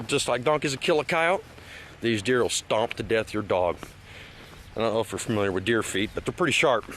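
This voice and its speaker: A man's voice: medium pitch, a bit bright, slight background noise. Rambling man vlogging outdoors. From Washington State, USA. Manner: rambling with many restarts and fillers, emphatic when scolding. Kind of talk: casual outdoor vlog ramble. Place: outdoors at a lakeside park.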